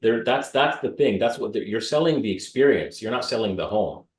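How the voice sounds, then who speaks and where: A man in his thirties from Canada, a real estate broker telling blunt, lively stories in an interview and mimicking the people in them. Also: fairly low pitch, a little fast. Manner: blunt, animated, mimics voices in anecdotes. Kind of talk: interview storytelling. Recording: roomy echo.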